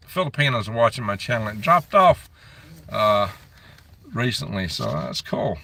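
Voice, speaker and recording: A man's voice: on the low side, sing-song, measured pace, bright, forceful tone, distant mic. A man hosting a casual live stream on his phone, chatting and grumbling as he reads out where viewers are from. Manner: reads out viewer comments and locations.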